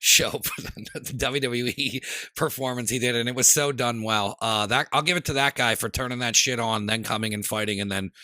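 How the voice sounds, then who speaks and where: Joking man with a bright voice. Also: medium pitch, brisk, no echo, studio quality. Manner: joking, animated storyteller. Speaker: podcast producer, editor. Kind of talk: casual chat.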